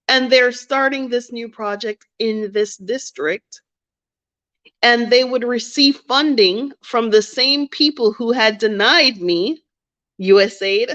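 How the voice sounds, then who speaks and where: A woman talks slowly and candidly about her own setbacks, circling back on key phrases to drive them home. Her voice sits a little high. The recording is muffled and lo-fi. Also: a bit bright. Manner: candid, reflective, repeats phrases for emphasis. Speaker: vlogger. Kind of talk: personal storytelling to camera. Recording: dull lo-fi recording.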